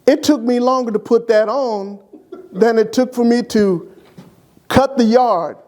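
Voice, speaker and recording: A man's voice: extremely high pitch, measured pace. An older man, a church deacon, telling humorous, affectionate stories about his late wife to an interviewer. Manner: lively, animated anecdote telling to an interviewer. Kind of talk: humorous memorial storytelling.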